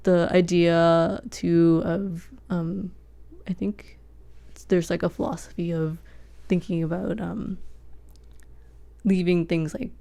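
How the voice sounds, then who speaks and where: A woman's voice: on the low side, little pitch movement, slow, creaky, mellow. A woman as a podcast guest, talking in a reflective, casual way and laughing often.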